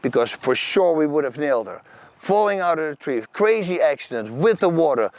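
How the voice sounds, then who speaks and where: Here a Dutch channel host from the Netherlands shares personal stories in a brisk, high-leaning voice on a dry recording. He brings them to life by acting out scenes and quoting people, animated throughout, with loose, non-native grammar.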